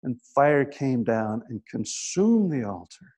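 With a mid-range voice that is very animated but slow, a man preaches a sermon, telling scripture stories casually with frequent "right?" asides and hushed tones for the quiet parts.

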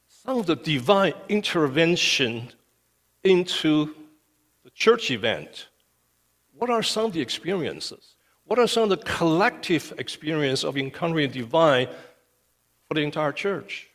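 A man's voice: a little high, very animated, unhurried, a bit bright. A male pastor preaching a sermon with emphasis, often checking in with "okay". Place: church sanctuary. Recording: long reverb of a church hall.

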